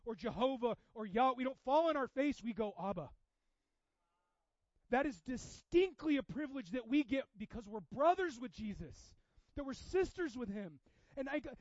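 A man with a high voice preaches with passion, his delivery swinging from hushed, intimate stretches to loud, urgent ones. The sound is dry and close, with a slightly dull, muffled tone. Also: no room sound. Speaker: pastor. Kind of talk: sermon.

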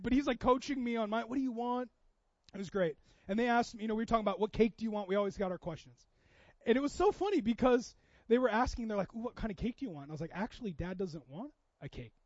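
A middle-aged man with a very high voice preaches a sermon, acting out family dialogue as he tells his stories. The sound is dry and a little dull. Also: no room sound. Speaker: pastor.

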